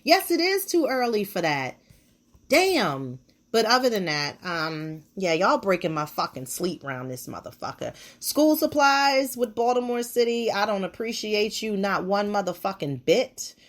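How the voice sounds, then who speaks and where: A woman hosts a podcast and talks straight into the mic in a loose, profane monologue. She rants bluntly from one gripe to the next, at a middle pitch for a woman. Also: very animated, a little slow. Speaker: podcast host.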